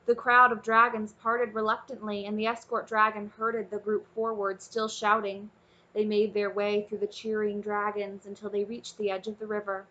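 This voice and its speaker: A woman narrating a children's fantasy novel aloud in an expressive, storytelling manner, in a dull lo-fi recording. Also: medium pitch, moderate pace. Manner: warm, expressive storytelling, casually addressing listeners. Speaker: audiobook narrator.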